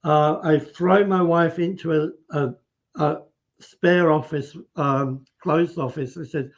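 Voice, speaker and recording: A man's voice: on the high side, fairly even intonation, slow pace. A man, a guest on a live stream, vividly retelling events in casual storytelling, acting out what people said and restarting his sentences.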